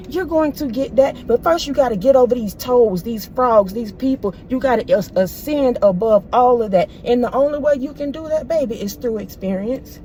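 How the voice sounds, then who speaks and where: Woman, spiritual reading, preachy, emphatic, slangy casual talk, keeps saying baby, higher pitched, warm mellow tone. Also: moderate pace, few pauses, a little hiss or hum. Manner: casual, repetitive, slangy phrasing. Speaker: spiritual reader. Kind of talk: spiritual reading message to viewers.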